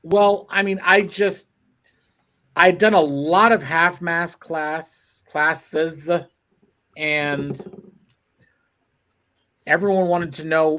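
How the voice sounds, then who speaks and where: A man's voice: on the high side, slow pace, long pauses, sharp tone. A man chatting as a guest on a talk show, rambling and correcting himself as he tells stories. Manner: rambling, self-correcting storyteller. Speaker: guest sculptor. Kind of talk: casual chat.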